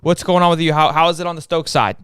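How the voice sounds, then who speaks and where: A young man hosting a casual sports talk stream, energetic and repeating his words as he goes. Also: fairly high pitch, fast, smooth, no echo, studio quality. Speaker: host.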